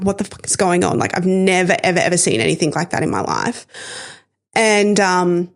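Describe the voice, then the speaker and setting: A woman, hosting a podcast and candidly telling a painful personal story, emotional and swearing at times. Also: medium pitch. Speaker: podcast host sharing her story.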